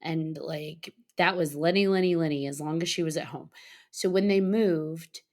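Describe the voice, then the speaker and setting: A woman telling a story in a casual podcast chat, animated, laughing often and acting out the lines of other people. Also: sits low, normal speed. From Colorado. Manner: animated, laughing, acts out quotes. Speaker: podcast guest.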